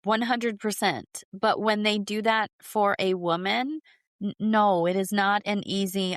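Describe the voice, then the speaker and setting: A woman's voice: mid-range voice, unhurried, no room sound, clean studio sound. A woman podcast co-host in casual chat, often chiming in to agree and giving blunt opinions.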